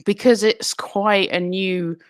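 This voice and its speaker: A comedian talking in a casual video-call interview, giggly and hesitant, with many ums. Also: female voice, medium pitch, steady tone, slow pace, no echo, clean studio sound. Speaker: comedian guest.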